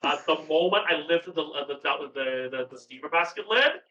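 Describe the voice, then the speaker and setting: Excitable rambling man, far from the mic. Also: a little high, normal speed. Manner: rambling, excitable, swears casually. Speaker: podcast guest, cooking streamer. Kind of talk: casual chat. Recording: far-off, roomy, dull sound with hum.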